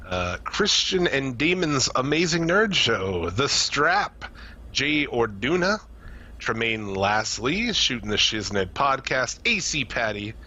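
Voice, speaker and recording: A man co-hosting a podcast in casual chat, loose and profane, laughing often, his voice going hoarse. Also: mid-range voice, sharp tone. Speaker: podcast co-host.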